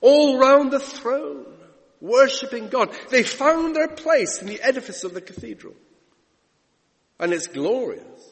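Male preacher, high lively voice, long church echo, dramatic sermon delivery. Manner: dramatic, swooping delivery, drawn-out words. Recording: long echoey church reverb.

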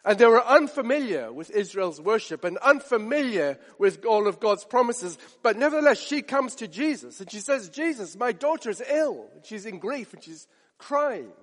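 Male preacher, high voice, emphatic and repetitive, long hall reverb. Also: expressive, moderate pace, fairly bright tone. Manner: emphatic, builds stakes with repetition and rhetorical questions. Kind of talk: sermon.

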